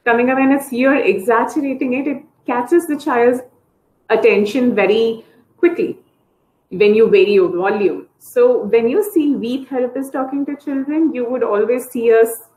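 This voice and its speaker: A woman's voice: normal speed, darkish tone. Woman therapist explaining in a roomy echo. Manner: explanatory, models child-directed speech with high sing-song examples. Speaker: early intervention therapist. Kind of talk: online parent training talk. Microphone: video call.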